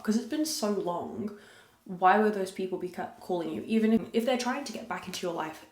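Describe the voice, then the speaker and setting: A young woman with a fairly low voice hosts her podcast in a loose, confessional ramble. She drops crude jokes but keeps her voice soft. The recording carries a noticeable room echo. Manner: rambling, candid, crude jokes, talking softly. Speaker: podcast host. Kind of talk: casual confessional chat. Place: room at a farm. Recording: echoey room.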